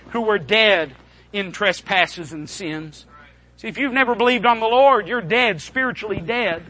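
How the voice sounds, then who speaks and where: A man's voice: extremely high pitch, sharp tone, poor audio. A man preaching a sermon, quoting scripture and rising to fervent emphasis.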